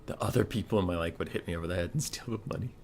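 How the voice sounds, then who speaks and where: A man's voice: low voice, rapid-fire, darkish tone, a little hiss or hum. A man hosting a live game stream, chatting casually, answering chat and going off on laughing, swearing rants. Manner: reads chat aloud and answers it.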